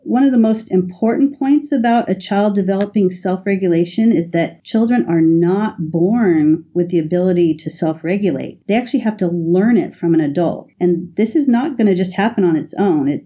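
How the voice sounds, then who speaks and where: A woman educator giving a measured, patient teaching talk, explaining with everyday examples. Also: lowish voice, slightly rough, muffled recording. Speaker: educator guest.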